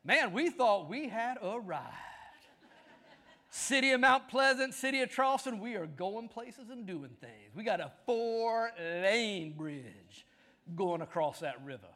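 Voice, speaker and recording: A man preaching a sermon, telling stories with lively build-ups that rise to shouts. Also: high-pitched, measured pace. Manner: animated storytelling, shouting at climaxes. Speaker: pastor.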